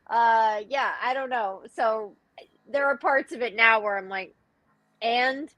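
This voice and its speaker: A woman's voice: on the high side, a little slow, a bit bright, no echo, poor audio. A woman chatting casually on a video call, playful, acting out her own reactions with quoted asides. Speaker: panelist. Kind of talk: casual group chat on a live video call.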